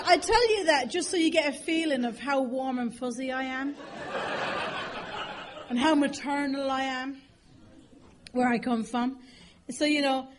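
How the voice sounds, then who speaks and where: A woman's voice: fairly high pitch, slight background noise. An Irish woman with a bit of a cold, giving a humorous, self-mocking recovery talk at a podium with lots of fillers. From Ireland. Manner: chatty, self-mocking, frequent fillers and laughs. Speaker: AA speaker.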